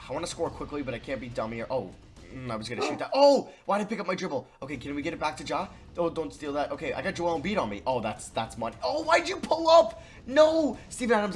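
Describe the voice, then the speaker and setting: A young man commenting on his own basketball video game, pleading with the players and swinging from low muttering to loud outbursts. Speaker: gaming YouTuber.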